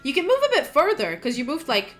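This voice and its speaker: A woman's voice: high voice, huge pitch swings, quick pace, fairly bright tone, faint music behind. A woman narrating as game master of a tabletop role-playing game, describing scenes in a chatty way with plenty of filler words.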